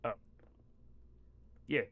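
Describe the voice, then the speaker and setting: A man's voice: very slow, phone-quality sound. A man streaming a game live, chatting casually with viewers in a rambling, profane, joking way. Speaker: livestream gamer. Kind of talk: casual live-stream chat while playing.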